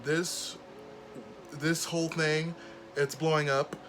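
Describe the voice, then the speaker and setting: A man's voice: on the high side, level tone, slow, over music. A man hosting a casual commentary vlog, talking bluntly and openly indignant. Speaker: commentary YouTuber, host.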